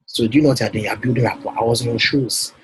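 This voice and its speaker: A man's voice: medium pitch, steady tone, racing, slightly rough, dry recording, poor audio. A man coaching a client on a call, persuasive and often checking that she follows. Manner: persuasive, repeats himself, checks for understanding. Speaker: business coach.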